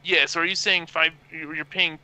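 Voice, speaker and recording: A man's voice: fairly high pitch, level tone, normal speed, crowd noise, poor audio. A man playing a tabletop game, haggling and insistent, laughing often. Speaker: player. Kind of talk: casual tabletop play.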